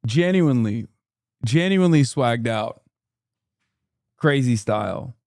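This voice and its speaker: A man's voice: medium pitch, expressive, takes it slowly, darkish tone, no room sound, studio quality. A man in his thirties from the United States, a streamer reacting to clips with sardonic, profane asides. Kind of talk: casual reaction commentary.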